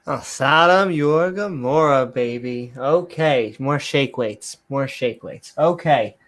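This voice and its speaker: A man's voice: mid-range voice, slow, fairly bright tone. A man hosting a comedy show, reading old scripture aloud in a mock-grand voice and mocking it. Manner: sarcastic, reads archaic verses in a mock-grand voice. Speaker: host.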